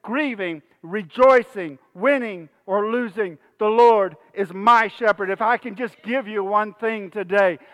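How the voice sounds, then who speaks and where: A man preaching in a church, his voice high for a man and clean, smooth in tone. He builds through rhythmic repetition and call-and-response, rising into passionate declarations. The delivery carries the cadence of a sermon. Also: measured pace, hardly any pauses, fairly bright tone. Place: church hall with congregation.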